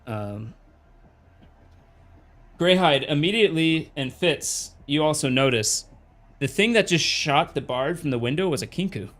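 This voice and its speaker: A man from Canada narrating a tabletop game as dungeon master, halting with fillers. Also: a little high, lively intonation, fairly bright tone. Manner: slow, halting narration with many fillers and laughs.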